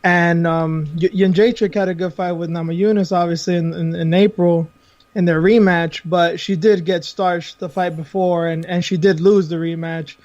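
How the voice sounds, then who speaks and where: A man's voice: high-pitched, steady tone, normal speed, darkish tone, no echo. A man joining a panel over a remote call, rambling through his fight analysis with lots of fillers. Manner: rambling, with many fillers and restarts. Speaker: panel guest. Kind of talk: casual analysis. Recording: dull dry lo-fi call audio.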